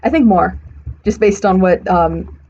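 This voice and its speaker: Casual gameplay commentary comes from a young woman building in a game, talking to herself and frequently fixing what she says partway through. She speaks a little slowly, at medium pitch, with a darkish tone. Faint hiss and slight muffling mark the stream audio.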